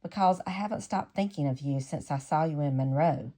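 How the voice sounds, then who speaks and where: A woman reading the lines of a kind, earnest young male singer in a soft, gentle, pleading way. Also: low-pitched, brisk.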